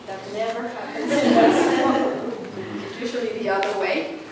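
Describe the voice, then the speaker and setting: A woman's voice: fairly high pitch, steady tone, normal speed, a loud crowd. A woman hosting an event, introducing the speaker in a friendly, joking way. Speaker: event host. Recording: echoey room, distant mic, background noise.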